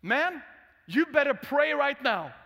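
A preacher putting on the voice of a huge, very drunk man on a plane, shouting his demands. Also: very high-pitched, big pitch swings, takes it slowly, big-room sound, voice pushed up, exaggerated voice. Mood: insistent.

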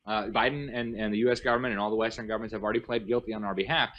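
A man with a fairly low voice talks as a guest on a show. He is emphatic and rattles off long lists in animated interview talk. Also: rapid-fire, muffled recording. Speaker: guest commentator.

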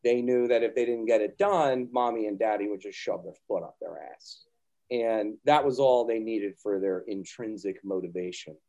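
Guy on a podcast as the guest, mellow low-ish tone, rambly stories, swears a lot. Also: moderate pace, lo-fi sound. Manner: storytelling, swears, acts out quotes. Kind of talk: casual chat.

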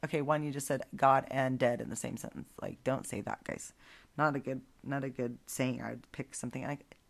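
A woman's voice: extremely low pitch, fairly even intonation, brisk, vocal fry. A woman hosting a casual Bible storytelling podcast, chatty and digressive, with frequent asides. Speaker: podcast host.

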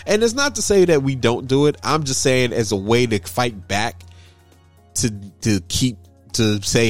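A man co-hosting a casual chat, talking in an earnest, measured way and restarting phrases. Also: medium pitch, no echo, soft background music.

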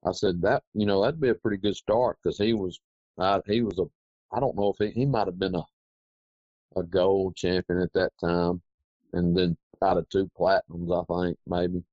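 A man's voice: low-pitched, normal speed, no room sound. A man, telling a rambling, folksy story as an interview guest. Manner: rambling, folksy, animated retelling. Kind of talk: casual anecdotal storytelling. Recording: dry, dull lo-fi recording.

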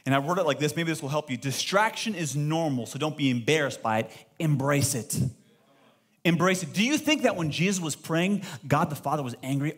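High-voiced preaching pastor, emphatic. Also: male voice, fairly quick, slightly rough. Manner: lively, emphatic preaching with rhetorical questions to the congregation. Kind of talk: sermon. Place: church service before a live congregation.

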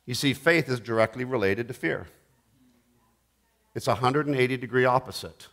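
Preaching at a normal speed in a mid-range voice, a middle-aged man gives a dramatic sermon. He swings between loud bursts and hushed asides.

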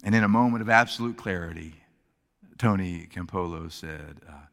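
A male preacher telling a story in a sermon, animated, shifting his voice to act out the characters, heard in a church hall. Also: sits low, normal speed, gravelly. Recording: long hall reverb.

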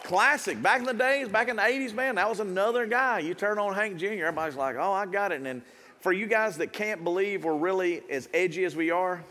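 A middle-aged man, preaching a jokey, animated sermon as a pastor. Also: high-pitched, quick pace. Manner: animated, jokey, hypes the crowd. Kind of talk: lively sermon. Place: church auditorium.

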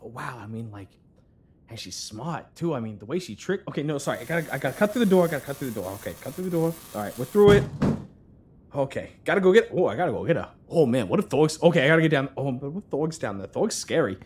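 A man's voice: mid-range voice, expressive, quick pace, a little mellow, a little hiss or hum, close to an everyday voice. A man voicing a flustered young man who rambles and stammers to himself in an audio drama. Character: jittery young male ship thief-chaser, easily flustered.

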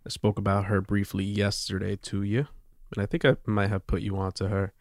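A young man co-hosting a podcast, laid-back and quick to laugh in casual chat. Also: lowish voice, monotone, dry recording, studio quality. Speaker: podcast co-host.

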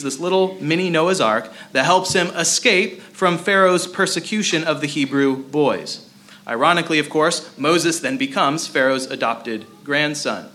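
Bright-voiced man preaching a sermon. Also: fairly high pitch. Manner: conversational preaching with frequent "uh" fillers. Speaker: pastor.

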